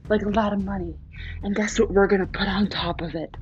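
A woman's voice: mid-range voice, steady tone, fairly quick, muffled recording, faint music behind, pitched below the performer's own voice, natural voice. A woman voicing a smug, mocking God who gleefully hands out punishments, swearing as he goes.

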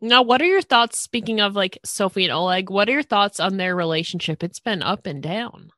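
A woman's voice: mid-range voice, brisk, a bit bright, dry recording, studio quality. A woman hosting a podcast, chatting casually and easily with many "like" fillers. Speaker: podcast host.

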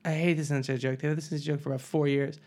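A man's voice: a little high, level tone, racing, darkish tone. A man in his thirties, a father, chatting casually on a podcast with wry, self-mocking humor and some swearing. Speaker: podcast co-host. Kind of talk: casual chat.

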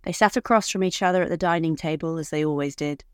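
A woman narrating a short romance story in a measured, somber way. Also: sits low, smooth, no room sound, studio quality.

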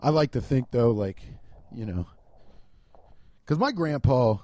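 A man from Cincinnati in the US Midwest speaks in a mid-range voice, a little slowly, as he rambles through a comedic monologue. His delivery is casual and animated, peppered with swearing and laughter.

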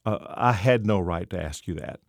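A man reading the lines of a reserved, soft-spoken divorced woman in her forties, in a dry close recording. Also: sits low, moderate pace, dry recording.

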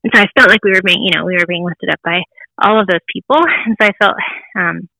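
Thirties woman, interview guest, candid and bright, dry close mic. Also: fairly low pitch, fairly even intonation, fast, creaky, no echo, rough recording. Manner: candid, laughs often, acts out voices in quotes. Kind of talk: personal testimony interview.

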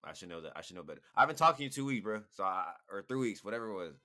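A man's voice: low voice, animated, racing, pushed and bright. A tipsy young man chatting casually with laid-back slang, teasing and apologetic by turns. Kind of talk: casual chat.

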